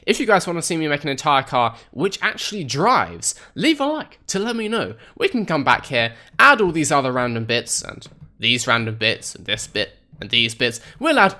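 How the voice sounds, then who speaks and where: A man's voice: a little high, sharp tone. A man hosting a let's play video, giving playful, sarcastic commentary while talking straight to his viewers. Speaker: gaming video host.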